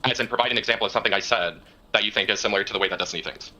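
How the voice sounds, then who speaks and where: Brief: man caller, bright tense tone, rushed and halting, defensive. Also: fairly low pitch. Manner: halting, defensive, searching for words. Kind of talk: defensive debate on a call.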